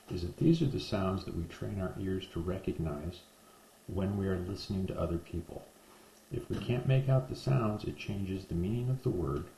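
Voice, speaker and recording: A man giving a parenting lesson to camera, slowly drilling speech sounds one by one, recorded with poor sound in an echoey room. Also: sits low, creaky, dark tone, slight background noise. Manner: slow, deliberate, repetitive drilling of speech sounds. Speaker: parenting educator. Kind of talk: instructional talk to camera.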